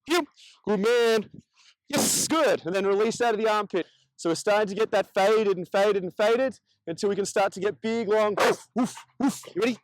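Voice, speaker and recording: A man's voice: high-pitched, no room sound, low-quality recording. A man teaching dog training as he demonstrates, coaching and praising the dog between explanations. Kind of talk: instructional demonstration.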